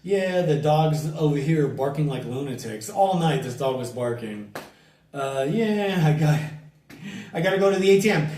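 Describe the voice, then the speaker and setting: A middle-aged American man vlogging a loud, profane, irritated rant outdoors at dusk. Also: fairly high pitch, normal speed, roomy sound, distant mic. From United States. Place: outdoors at dusk, bugs and a barking dog nearby.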